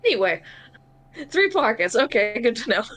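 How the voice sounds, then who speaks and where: A woman's voice: on the high side, big pitch swings, normal speed, a bit bright. A woman playing a tabletop role-playing game, chatting in a wry, amused way about her character and the others. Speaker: player. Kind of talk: tabletop role-play chat.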